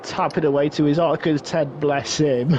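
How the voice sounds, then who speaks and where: A man co-commentating on a sim race with a slightly high voice, dropping dry, laughing asides between his partner's calls. Clear background noise runs behind him. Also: fairly even intonation, moderate pace, lo-fi sound. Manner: wry, chuckling asides. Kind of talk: sim racing live commentary.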